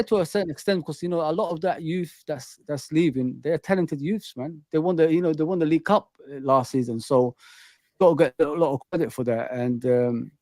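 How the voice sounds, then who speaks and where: A man's voice: a little high, no echo. Male host, casual football talk, slang-heavy, dry sound. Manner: chatty, says "man" and "bro" a lot.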